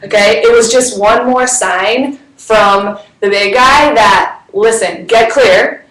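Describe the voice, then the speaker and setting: A bubbly woman who runs a wellness business chats casually on a livestream, peppering her talk with "like" and laughing often. Her voice sits a little high. She is recorded in an echoey room. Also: takes it slowly, fairly bright tone. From Chicago. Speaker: wellness business owner sharing a story.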